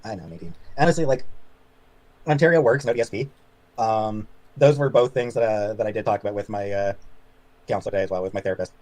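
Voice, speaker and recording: A man chatting as a livestream guest, answering viewer comments in a halting way with many fillers and trailing off quietly. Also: lowish voice. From Canada. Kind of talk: casual chat reading viewer comments.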